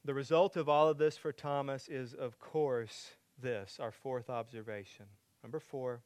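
A man preaching a sermon to a congregation, asking them direct questions and building from quiet teaching to loud, emphatic preaching. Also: medium pitch, steady tone, unhurried, clean tone, no room sound. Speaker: pastor.

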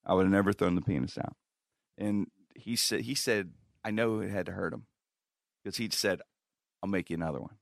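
A middle-aged man with a low, creaky voice talks fairly quickly in a dry, clean studio recording. As a guest storyteller on a casual podcast, he spins a long anecdote, acting out the quotes and laughing often.

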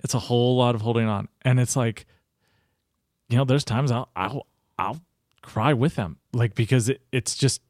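A man's voice: mid-range voice, moderate pace, a little mellow, no echo. A man in his thirties, a coaching guest, talking casually and animatedly. He swears freely and plays out the dialogue in his stories. The recording is dry and close. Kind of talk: casual storytelling interview.

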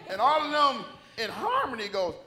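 A man's voice: extremely high pitch, normal speed. A middle-aged male pastor preaching a sermon, telling stories and acting out the voices of the people in them. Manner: animated storytelling, acts out voices.

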